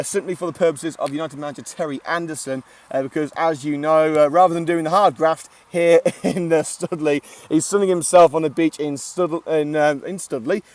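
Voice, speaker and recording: A chatty man calls a football match live from an outdoor ground, filling pauses with "uh" and cracking jokes. His voice sits fairly high, and he sounds a little distant from the mic. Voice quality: chatty, joking, many filler "uh"s. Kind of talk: live amateur match commentary.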